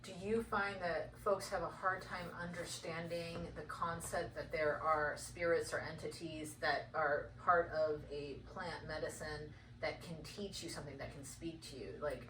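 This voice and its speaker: A woman interviewing a guest, asking measured, probing questions. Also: low voice, steady tone, a bit bright. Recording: roomy, distant mic, background noise.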